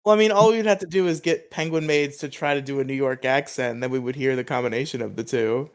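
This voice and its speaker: A podcast co-host chatting casually and trading short, wry replies. The voice is smooth and clear at a middle pitch. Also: fast talker. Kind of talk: casual chat.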